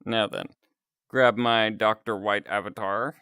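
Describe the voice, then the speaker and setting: A man's voice: on the low side, fairly even intonation, measured pace, sharp tone, smooth, no echo, studio quality. A man chatting casually on a live stream, rambling and chuckling between remarks.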